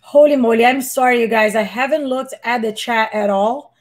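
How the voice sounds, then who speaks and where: She has a squeaky, fairly high voice and rants in an exasperated, rambling way. She keeps restarting her sentences. It sounds like casual live reaction commentary from a streamer. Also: moderate pace.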